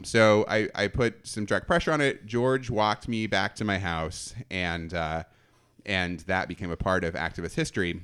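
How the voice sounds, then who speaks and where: A man's voice: fairly low pitch, lively intonation, fairly quick, a bit bright, clear, resonant tone. A man telling a self-mocking story from his college days in a casual chat, laughing often. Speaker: podcast storyteller.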